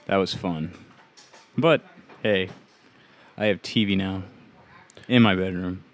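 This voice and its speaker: A man's voice: sits low, slow. A man co-hosting a casual podcast from home on a desk microphone, joking around. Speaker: podcast co-host. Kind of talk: casual chat. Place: home room, recording a podcast. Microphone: desk microphone on a stand.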